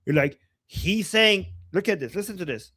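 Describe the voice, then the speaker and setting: A man from Iran, hosting a livestream and talking in a heated, profane way that often rises to shouting. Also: high-pitched, expressive, moderate pace, breathy edge, no room sound. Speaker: host. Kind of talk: livestream commentary.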